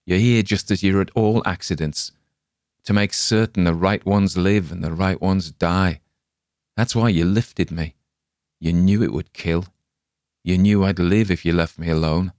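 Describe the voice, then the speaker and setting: A man's voice: low voice, steady tone, a little slow, a little mellow, no echo, clean studio sound. A man voicing a badly injured man, panicked and accusing, with a raised, strained, pleading delivery.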